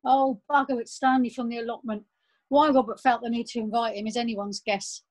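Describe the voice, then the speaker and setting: A woman voicing a fussy, bossy middle-aged mother hosting a family party, brisk and exasperated. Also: on the high side, level tone, close to an everyday voice, rough recording.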